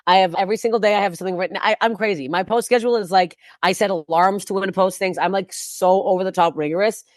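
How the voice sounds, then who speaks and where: A woman's voice: medium pitch, steady tone, fast talker, dry recording, clean studio sound. A woman comedian talking bluntly and profanely in a casual podcast chat, rambling with frequent restarts. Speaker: guest comedian.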